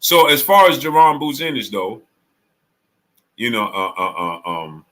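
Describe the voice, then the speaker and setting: Bright-voiced man chatting on a live stream. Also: mid-range voice, a little slow. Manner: animated storytelling, acts out friend's quotes. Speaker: sports channel host. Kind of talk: live-stream chat with viewers.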